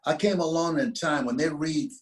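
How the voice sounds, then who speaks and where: A man's voice: fairly high pitch, rough recording. Older man telling an emphatic story. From United States. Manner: emphatic, slows down to stress key phrases. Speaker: interview guest. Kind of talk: motivational storytelling.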